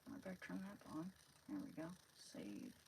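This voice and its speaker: A woman's voice: on the low side, fairly even intonation, fast, gravelly, darkish tone, slight background noise, poor audio. Rambling woman chatting on a live stream. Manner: rambling, hesitant, searching for words. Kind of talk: casual live-stream chat.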